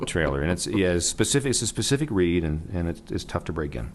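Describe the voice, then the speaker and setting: A man's voice: low-pitched, big pitch swings, fast talker. A middle-aged man, a voice actor, chatting casually in an interview and rambling with frequent trailing off. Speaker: voice actor guest.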